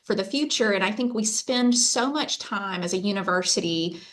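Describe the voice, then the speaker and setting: A woman's voice: mid-range voice, moderate pace, a bit bright. Woman talking through her slides on a video call, chatty, lots of ums. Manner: chatty storyteller, lots of fillers. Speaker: university faculty presenter. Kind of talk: conversational presentation on a video call.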